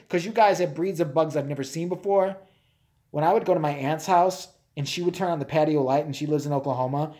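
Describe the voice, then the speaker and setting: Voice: mid-range voice, a little mellow. A host from Chicago chatting on a live stream, telling rambling stories off the cuff. The talk is loose and profane and is broken up by frequent laughter. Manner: rambling, laughs often, swears a lot. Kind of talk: casual live-stream chat.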